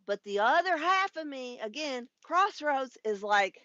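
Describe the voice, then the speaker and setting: Chatty, animated woman in her fifties. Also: sits high, unhurried, hardly any pauses, no room sound, highs cut off. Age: 50s. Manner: chatty and frank, swears freely, laughs often. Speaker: spiritual life coach and YouTube live host. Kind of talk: casual livestream monologue.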